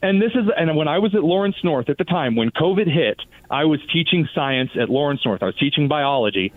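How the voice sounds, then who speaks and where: Male radio guest on a phone line, slightly high voice, dry and tinny sound, sarcastic and mocking. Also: expressive, a little fast, dry recording. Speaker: guest commentator. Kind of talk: political talk radio interview.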